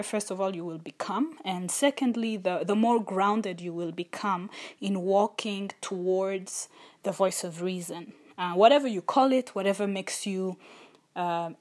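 A woman hosting a reflective solo podcast, out of breath, talking earnestly and repeating phrases for emphasis, alone in a small room. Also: mid-range voice. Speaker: podcast host.

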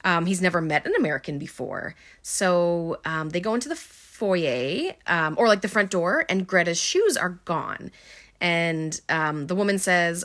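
Woman, casual film recap, chatty, filler words, wry asides, lowish voice. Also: lively intonation, unhurried, a bit bright. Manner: chatty, many ums and likes, wry asides. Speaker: movie recapper.

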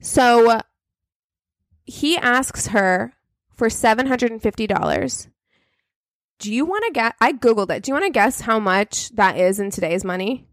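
A woman's voice: fairly high pitch, a little slow, long pauses, no room sound, clean studio sound. A woman co-hosting a podcast, telling a story in casual chat with lots of swearing and acted-out quotes. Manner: animated, profane, acts out quoted people.

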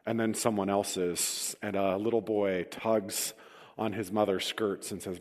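A man's voice: fairly low pitch, fairly even intonation, unhurried, a little mellow, long reverb tail. A man preaching a sermon, telling the scripture story vividly with wry self-deprecating humor and reading verses aloud. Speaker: pastor.

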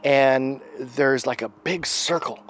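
A man tells a long personal story in a relaxed, chatty way at a middle pitch. He dips into near-whispers for the tense moments and brightens as he acts out the others' voices. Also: takes it slowly. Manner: animated, acts out quoted voices, drops to a hush at tense moments. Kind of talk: casual spoken storytelling.

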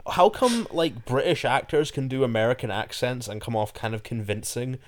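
A man in a casual podcast chat, talking bluntly and swearing freely. He sounds indignant, at a middle pitch. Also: normal speed. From Scotland. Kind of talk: casual film discussion.

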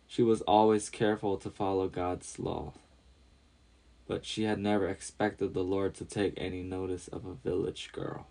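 Low, gravelly male storyteller. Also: little pitch movement, normal speed, dark tone. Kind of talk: scripted storybook narration.

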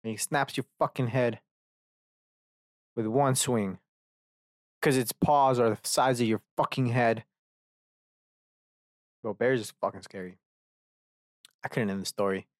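A man's voice: medium pitch, measured pace, pauses often, no room sound, clean studio sound. Profane rambling young man. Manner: profane, rambling storyteller who acts out characters. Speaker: podcast host. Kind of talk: casual rant.

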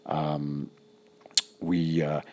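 A middle-aged man recalling an old friend in a casual, halting, reflective way with many pauses. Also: very deep voice, level tone, warm tone. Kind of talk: casual personal recollection.

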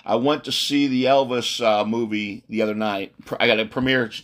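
A man with a light Southern drawl hosts a podcast interview, effusive and teasing. He often repeats himself mid-sentence, and his voice sits at an ordinary middle pitch. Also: fairly even intonation, moderate pace, a bit bright. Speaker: podcast host. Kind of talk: casual interview chat.

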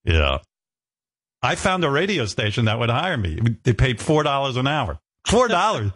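A man's voice: mid-range voice, wildly swooping pitch, normal speed, a bit bright. A male talk show host telling a story in a rambling, self-mocking way, with some swearing. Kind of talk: casual talk show chat.

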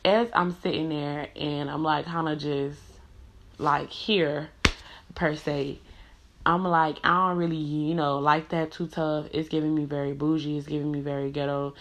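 A woman telling a frank, profane storytime to camera. Her voice sits low for a woman and runs loose and chatty, thick with "like" and "you know". It comes across as an unscripted personal story, told straight to the viewer. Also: flat delivery, unhurried, slight background noise. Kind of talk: casual storytime monologue.

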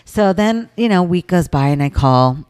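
A woman's voice: fairly low pitch, normal speed, clean tone. A middle-aged woman co-hosting a casual podcast, telling a story with lots of swearing. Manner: profane, animated storytelling. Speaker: podcast co-host. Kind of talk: casual chat.

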